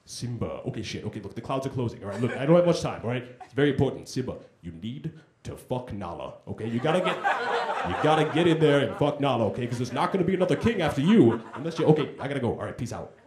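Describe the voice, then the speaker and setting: A man voicing a ghostly lion king father in a deep, solemn way, at times rushed and pleading, on stage in a comedy club. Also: sing-song, noisy background, close to an everyday voice. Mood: frantic. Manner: slow booming solemn delivery turning into hurried frantic pleading. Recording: echoey comedy club room.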